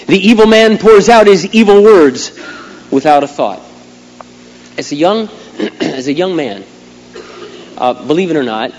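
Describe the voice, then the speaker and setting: A middle-aged man preaching a sermon as a pastor, swinging from quiet asides to loud, emphatic outbursts. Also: on the high side. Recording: long hall reverb, faint hum.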